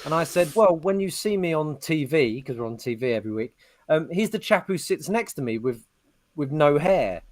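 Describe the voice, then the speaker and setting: A man co-hosts a podcast in loose, casual chat. His voice sits a little high, and he tells long, rambling stories, acting out each quote as he goes. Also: normal speed. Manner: rambling storyteller, animated retelling of quotes. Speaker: podcast co-host.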